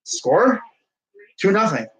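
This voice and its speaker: Young male streamer, laid-back live game calls, wry humor, voice a touch high. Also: very animated, slow, a bit bright, low-quality recording. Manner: laid-back, wry asides between pitches. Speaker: host of a live sports reaction stream. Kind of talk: casual live play-by-play reaction.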